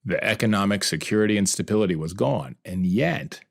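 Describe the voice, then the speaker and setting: A man's voice: fairly low pitch, animated, fairly quick, vocal fry, hardly any pauses, dry recording, clean studio sound. A man hosting a podcast, narrating a personal story in an earnest, reflective and heartfelt way. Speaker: podcast host.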